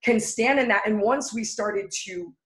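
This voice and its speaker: A woman speaks candidly as an interview guest, earnest and building her points through repeated phrases. Her voice sits at an ordinary middle pitch. The recording carries a noticeable room echo. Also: a little slow. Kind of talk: candid personal storytelling. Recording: echoey room.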